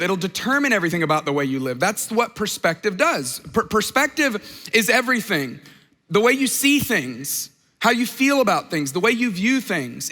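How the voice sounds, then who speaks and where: A man in his thirties gives a casual, story-driven sermon and keeps asking his congregation questions. His voice sits high and sounds bright and sharp. The long reverb of a large church hall trails every phrase. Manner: conversational storytelling, asks the crowd questions. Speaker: pastor.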